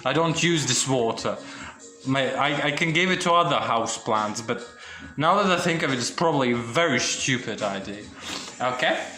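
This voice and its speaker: A young man talks through his houseplants in a loose, rambling home vlog, stopping and restarting and tagging questions onto his remarks. His voice is bright and forward, and soft music plays quietly behind him. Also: medium pitch, lively intonation, moderate pace. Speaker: orchid hobbyist vlogger. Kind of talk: casual home vlog, showing plants. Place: indoors at home among plants and boxes.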